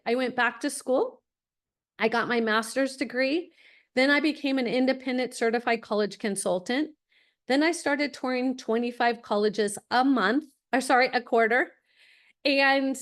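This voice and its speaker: A middle-aged woman hosting a webinar on college planning, telling family stories in a lively way and acting out the voices she quotes. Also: measured pace. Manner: animated, acts out quoted voices with big pitch jumps. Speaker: webinar host and college consultant. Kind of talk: lively storytelling presentation.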